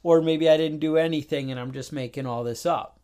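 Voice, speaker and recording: A New York man co-hosts a podcast, chatting casually and telling a long story full of exasperated asides and acted-out phone calls. His voice is smooth, a little high and darkish, and he talks a little fast.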